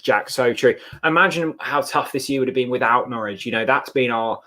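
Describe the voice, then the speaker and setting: Guy hosting a footy watchalong, chatty and excitable. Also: medium pitch, brisk. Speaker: co-host of a football watchalong. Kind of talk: casual live match chat.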